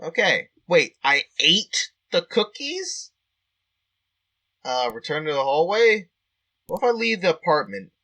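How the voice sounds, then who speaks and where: Animated man reading a text game. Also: a little high, a little slow. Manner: animated, jumps between deadpan reading and shocked outbursts. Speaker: game player and reader. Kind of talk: reading a text adventure aloud with commentary.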